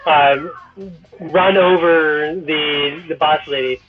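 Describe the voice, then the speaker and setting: A man's voice: fairly high pitch, fairly even intonation, takes it slowly, soft background music. A man playing a tabletop game, talking hesitantly with many fillers. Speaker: player. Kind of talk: casual tabletop play. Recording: tinny phone-like line.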